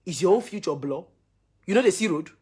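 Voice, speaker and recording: Husky Nigerian woman ranting forcefully. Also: on the low side, animated, a little fast. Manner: forceful, preachy, repetitive rhetorical questions. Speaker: social media commentator. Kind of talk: opinionated to-camera rant.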